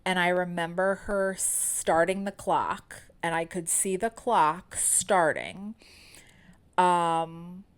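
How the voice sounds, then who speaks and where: A woman's voice: lowish voice, steady tone, slow pace, clean tone. A woman in her thirties, a podcast host telling a candid personal story in a chatty way, full of fillers.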